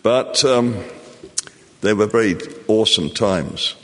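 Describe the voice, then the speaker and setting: An older man with a very low voice tells his story slowly and reflectively, filling pauses as he goes. His words ring out with a long reverberant tail, as if he is speaking in a large hall. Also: a bit bright. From England. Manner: slow, reflective, with many fillers. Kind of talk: personal storytelling to an audience.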